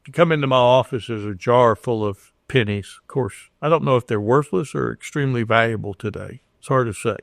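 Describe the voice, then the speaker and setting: A man's voice: medium pitch, fairly quick, creaky, hardly any pauses, dry recording, studio quality. An older man from Houston, Texas, talking earnestly as a podcast guest, with frequent restarts and acted-out dialogue. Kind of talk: conversational storytelling.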